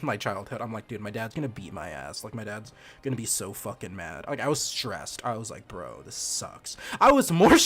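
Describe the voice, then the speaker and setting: A man's voice: mid-range voice, fairly bright tone. A young man streaming a game and telling a childhood story in a rambling, profane way, laughing as he goes. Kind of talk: casual storytelling while gaming.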